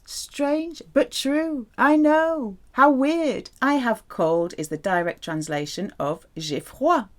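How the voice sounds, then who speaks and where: A woman giving a language lesson in a playful, animated teaching manner. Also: slow pace, few pauses. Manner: playful, animated teaching with wide pitch swings. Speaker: French teacher.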